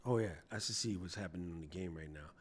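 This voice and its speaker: This livestream host talks quickly in a low-pitched voice, with a little hiss or hum on the audio. He keeps his casual stream playful and chatty, reading viewer messages aloud, replying, and doing jokey voices.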